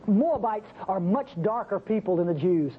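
A man preaching a sermon, acting out the biblical speakers with sudden jumps in pitch. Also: expressive, normal speed. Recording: muffled, faintly noisy old recording.

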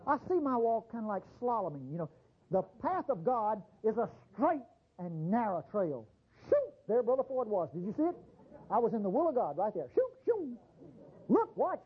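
A man preaching a sermon as a pastor, animated and conversational, acting out mock voices. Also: sits high, moderate pace, husky, narrow, tinny audio.

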